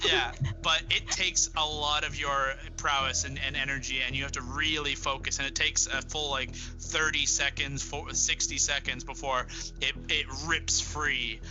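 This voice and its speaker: A man narrating a tabletop game as game master, describing scenes in a halting way full of fillers. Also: mid-range voice, steady tone, highs cut off, music in the background.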